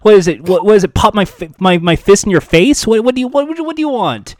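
A young male podcast co-host whose voice sits a bit higher than most men's. He tears into profane, mock-aggressive rants, recorded dry and close to the mic. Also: lively intonation, fast, no echo. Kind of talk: casual chat.

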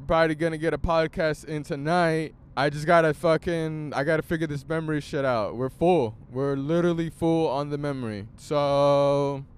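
A young man with a fairly high-pitched, clean-toned voice hosts a podcast from inside a car on the highway. He talks casually and swears while driving, switching between English and Spanish.

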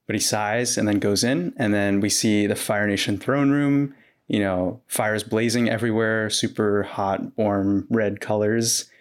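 A man co-hosting a podcast, casually walking through scenes step by step in a relaxed way. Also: fairly low pitch, unhurried. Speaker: podcast co-host recapping episodes. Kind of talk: casual recap chat.

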